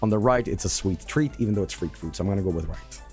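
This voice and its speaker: A man streaming gameplay commentary in a casual, hyperbolic way, with mock-announcer flourishes and shouted swearing at losses. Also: sits low, fast talker, faint music behind.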